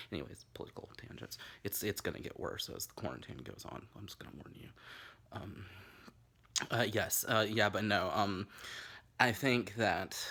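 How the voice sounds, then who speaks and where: A man's voice: on the low side, creaky, sharp tone. A man from Tennessee, hosting a camp, rambling, crude comic drinking-game video from his bedroom. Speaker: vlog host. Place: bedroom at home.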